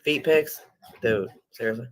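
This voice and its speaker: A woman's voice: very deep voice, unhurried. A woman hosting a casual livestream, chatting and swearing freely with her viewers. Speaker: livestream host.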